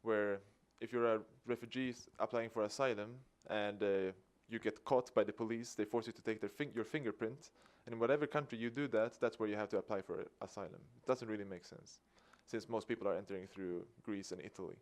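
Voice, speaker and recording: A man's voice: lowish voice, fairly quick, hardly any pauses. Swedish man telling a story. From Sweden. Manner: lively storyteller acting out dialogue with a chuckle. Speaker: activist speaker. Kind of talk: public talk.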